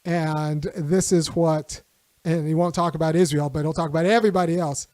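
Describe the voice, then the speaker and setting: A man's voice: on the high side, steady tone, moderate pace, a little mellow, dry recording, clean studio sound. A man hosting a political livestream, talking loosely with restarts and short laughs. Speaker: host.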